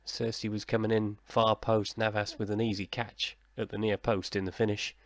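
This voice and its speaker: A man's voice: lowish voice, little pitch movement, moderate pace. A man, casually narrating his football management game like a commentator and chatting with himself in a self-deprecating way. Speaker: gaming YouTuber. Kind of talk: casual let's-play commentary.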